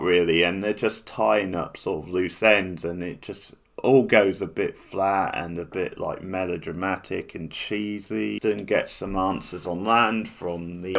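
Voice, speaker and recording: A man talks through a TV finale in a loose, casual way. He keeps restarting his sentences and leaning on fillers, and his voice sits low. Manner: rambling, with many restarts and fillers. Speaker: TV reviewer. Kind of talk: casual spoken review.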